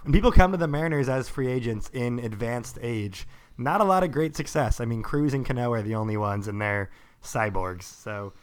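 A man's voice: mid-range voice, moderate pace, smooth. A man co-hosting a podcast, in casual sports chat, rambling and leaning hard on filler words. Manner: rambling, heavy use of "like". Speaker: podcast co-host.

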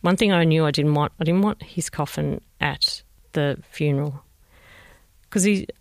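A woman with an Australian accent, a mother gently recalling a painful family story in an interview and re-enacting what people said. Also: low-pitched, moderate pace, no echo, studio quality. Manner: reflective, gentle, re-enacts conversations. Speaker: bereaved mother telling her story. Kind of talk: personal recollection, interview.

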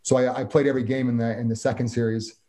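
A Canadian man, a former hockey player appearing as a guest, shares an old hockey story in relaxed conversation. His voice sits at an ordinary middle pitch, and he talks quickly. He's an animated storyteller who performs the quoted lines of the story's characters as he goes.

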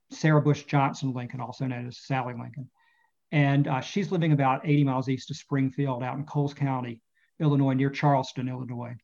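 A man, an author and interview guest, talking about his novel and reading passages from it, with halting speech full of fillers and repeated words, on muffled lo-fi audio. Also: mid-range voice, creaky, a little mellow.

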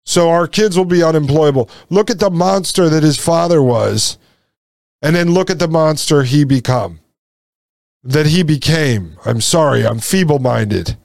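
Fired-up guy ranting to his folks, slightly high voice, dead dry sound. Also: measured pace, a little mellow, no echo. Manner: indignant, repeats lines, addresses listeners as folks. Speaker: podcast host. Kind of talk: impassioned commentary.

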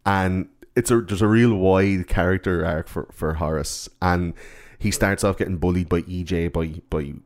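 A man chatting casually about a movie, swearing freely and acting out lines in mocking high voices. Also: steady tone, moderate pace, a little mellow. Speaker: podcast co-host.

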